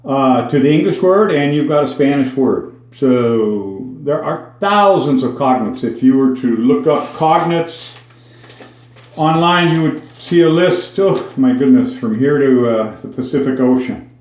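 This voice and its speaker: A man's voice: medium pitch, expressive, unhurried, a little mellow. A man with a Minnesota accent, teaching a daily Spanish word in a chatty, folksy way with dry asides. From Minnesota, USA. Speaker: host teaching Spanish words. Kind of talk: casual spoken lesson. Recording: echoey room.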